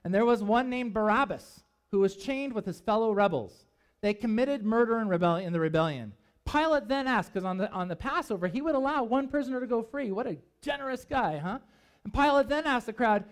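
A man preaching a sermon as pastor, emphatic and animated, with conversational asides. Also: high voice, fairly quick.

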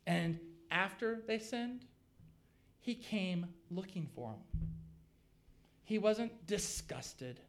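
A man's voice: high-pitched, expressive, takes it slowly, pauses often. A middle-aged man preaching a sermon, talking casually and building to emphatic peaks. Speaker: pastor.

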